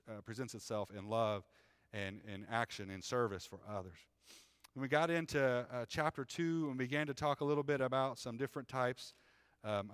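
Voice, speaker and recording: A man's voice: medium pitch, fairly bright tone, smooth, no echo. A man preaching a sermon as the pastor, conversational and plain-spoken, often checking in with "right?". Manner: reads scripture aloud in a raised, slower voice.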